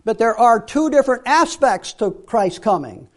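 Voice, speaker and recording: A man giving a Bible teaching sermon, emphatic, repeating key phrases and dropping to quiet asides. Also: extremely high pitch, sing-song, normal speed.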